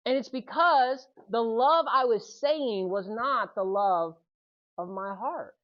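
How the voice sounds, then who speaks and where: Animated man giving a youth sermon. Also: high voice, highs cut off. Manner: animated storytelling, keeps checking in with "right?". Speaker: youth speaker. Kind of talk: youth sermon with personal story.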